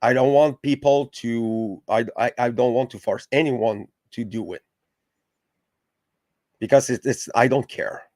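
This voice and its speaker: With a mid-range, darkish voice, a male podcast host swears heavily and keeps restarting as he argues passionately in a heated, casual discussion. The recording is dry and studio-clean.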